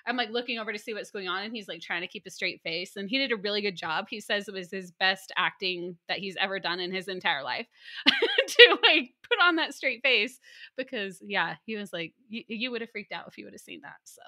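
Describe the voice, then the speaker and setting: A woman hosting a casual podcast interview, chatty and quick to laugh. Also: medium pitch. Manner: chatty, laughs easily, warm reactions. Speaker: podcast host, teacher.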